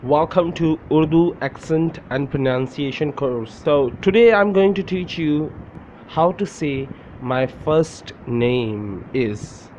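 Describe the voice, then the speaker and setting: A man's voice: mid-range voice, darkish tone. A man teaching a pronunciation lesson step by step, spelling words letter by letter and repeating them for the listener. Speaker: language teacher. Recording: dull lo-fi recording with faint noise.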